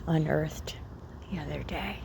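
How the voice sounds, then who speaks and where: This low-voiced woman talks a little slowly with vocal fry, and the audio is very noisy. Outdoors, she speaks to camera as a spiritual content creator, giving an intimate, emotional talk that often falls to a whisper.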